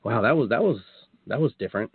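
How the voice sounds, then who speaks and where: A man's voice: medium pitch, expressive, fast talker, breathy edge, no echo. A man telling his story as a guest on a talk show, rambling with many restarts and quoted asides. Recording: tinny phone-like line, dry.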